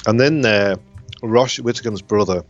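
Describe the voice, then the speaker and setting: Man, comedian guest, lowish voice, rambling and hesitant, faint music. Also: moderate pace, highs cut off. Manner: rambling, hesitant, repeats words. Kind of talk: casual chat on a call. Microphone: call over the internet.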